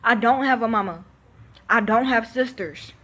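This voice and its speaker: A woman's voice: fairly high pitch, normal speed, a bit bright. A thirteen-year-old girl venting to camera, emphatic, exasperated and full of swearing. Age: teens.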